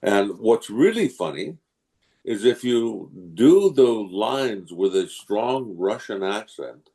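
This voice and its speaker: A man's voice: lowish voice, slow pace. An older man from England, a guest voice actor telling stories in a casual interview and slipping into character voices. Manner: animated storyteller who slips into voices.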